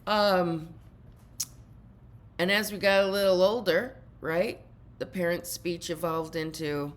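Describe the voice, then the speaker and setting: A woman's voice: fairly low pitch, steady tone, takes it slowly, long pauses. An older woman giving an earnest spiritual talk and speaking directly to her viewers as a teacher.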